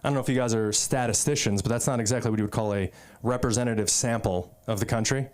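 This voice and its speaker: On a comedy club stage, a stand-up comedian from the US East Coast works an open mic with a fast, darkish voice of medium pitch. His delivery is loose and meandering, thick with fillers and side comments.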